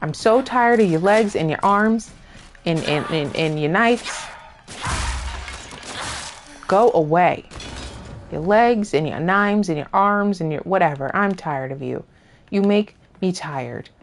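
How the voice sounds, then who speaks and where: A woman's voice: fairly low pitch, expressive, slow, pauses often, slight background noise. A woman streamer giving casual let's-play commentary, jokingly scolding the enemies and characters on screen. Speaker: gaming streamer.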